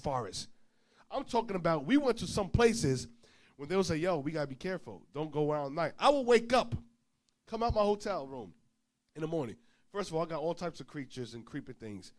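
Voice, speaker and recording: A male preacher telling a travel story in an informal sermon, acting out both sides of the dialogue and swinging between loud and soft. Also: fairly high pitch.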